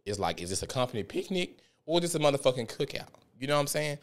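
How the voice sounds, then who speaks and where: A young man from South Memphis with a Memphis Southern accent, hosting a podcast and telling stories in a loose, profane, animated way. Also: mid-range voice, fast talker. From South Memphis, Tennessee. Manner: profane, animated storytelling with frequent laughs. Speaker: podcast host. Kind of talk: casual podcast monologue.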